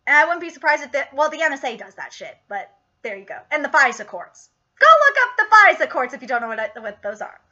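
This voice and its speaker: High, bright, profane woman reviewer. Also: fast, lo-fi sound. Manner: profane, rambling and excitable. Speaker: TV episode reviewer. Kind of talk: casual video review.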